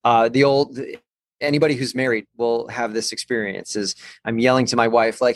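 A man's voice: mid-range voice, fairly even intonation, moderate pace. A man, a guest expert, giving a conversational explanation of balance and the brain, thoughtful, with many restarts.

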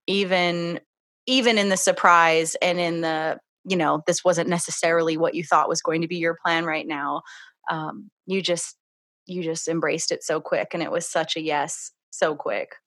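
A woman's voice: on the low side, steady tone, moderate pace, fairly bright tone, no echo, studio quality. A woman hosting a podcast interview, encouraging her guest with prompting questions. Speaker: podcast host.

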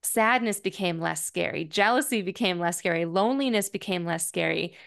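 A woman in her thirties hosts a personal podcast and talks alone in a reflective monologue. She sounds candid and thoughtful and pauses to find her words. "Like" comes up often as she talks. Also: on the low side, creaky, a bit bright. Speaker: podcast host.

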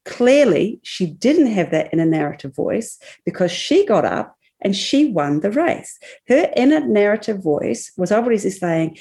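A woman psychologist co-hosting a podcast, explaining ideas in a measured way with examples. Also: mid-range voice, sing-song, warm tone, husky. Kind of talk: casual podcast conversation.

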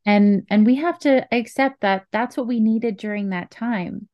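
A woman's voice: on the high side, a little slow, no room sound, lo-fi sound. A woman from Canada, a guest on a podcast interview, speaking in an affirming, encouraging way. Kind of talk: warm conversational interview.

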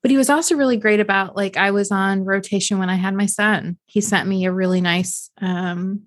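A woman's voice: medium pitch, fairly even intonation, fairly quick. A woman in her thirties co-hosting a podcast, chatting casually and telling stories with frequent laughter. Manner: laughs often, chatty and storytelling. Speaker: podcast co-host. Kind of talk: casual chat.

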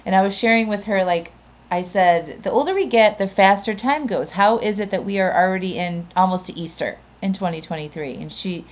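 A woman's voice: medium pitch, brisk. A woman hosting a podcast and talking in a chatty, upbeat way, with a lot of casual "like"s. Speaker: podcast host and coach.

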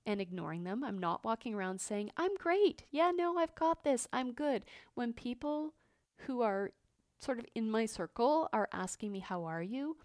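A woman hosting a podcast, talking openly and earnestly about her feelings, with frequent pauses and fillers. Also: mid-range voice, a little mellow, no echo, studio quality. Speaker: podcast host. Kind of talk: personal reflective monologue.

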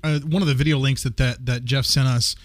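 A man's voice: medium pitch, steady tone, a little fast, no room sound. Emphatic man, dry close sound. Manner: emphatic, passionate, repeats words. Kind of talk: casual faith discussion.

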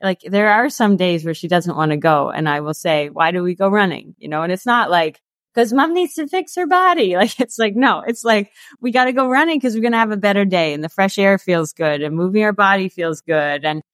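A woman's voice: on the low side, fairly quick, hardly any pauses, no echo. Chatty thirties woman, interview guest; dry, close-miked sound. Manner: chatty, peppered with "like" and laughs. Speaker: guest, author and coach. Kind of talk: casual interview chat.

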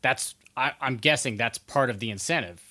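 A man interviewing a guest in a relaxed way, chiming in with short agreements and questions. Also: medium pitch, normal speed. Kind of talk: casual interview.

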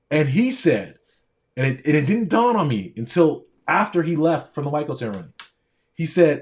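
A man's voice: a little high, very animated, moderate pace. A man, a doctor and pre-med coach, giving a motivational speech straight to his audience with a preaching, repetitive cadence.

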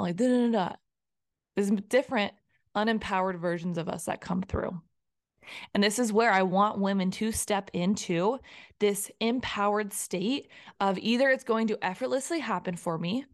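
A woman hosting a podcast, speaking casually in a motivational solo talk and acting out inner voices with playful asides. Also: mid-range voice. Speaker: podcast host.

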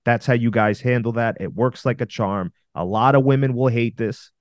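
A man's voice: mid-range voice, fairly even intonation, moderate pace, dry recording. A man co-hosting a podcast, giving blunt, commanding dating advice to male listeners. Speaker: dating coach podcast co-host. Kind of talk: confident advice talk.

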